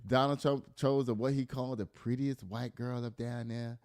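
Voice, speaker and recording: A man's voice: mid-range voice, moderate pace, no room sound, studio quality. A man hosting a casual news commentary podcast, reading headlines aloud and riffing on them with laughs and swearing. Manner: animated, laughing, swearing, reads news aloud then riffs. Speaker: podcast host.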